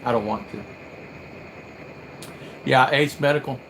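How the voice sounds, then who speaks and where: A man's voice: medium pitch, a little slow, a bit bright, a little hiss or hum, rough recording. An older man from the United States hosting a casual livestream, telling rambling stories and acting out the voices of people he quotes. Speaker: livestream host.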